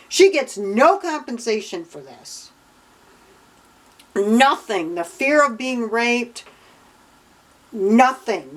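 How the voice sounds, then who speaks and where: A woman's voice: fairly high pitch, poor audio. A young woman vlogging about her Bible reading, retelling the stories in a casual, indignant and sarcastic way. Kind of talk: casual commentary.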